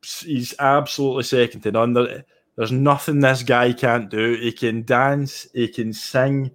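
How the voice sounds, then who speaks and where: A man's voice: mid-range voice, steady tone, a little slow. A man with a Scottish accent, a sim racing guest chatting casually and enthusiastically in an interview, often restarting his phrases.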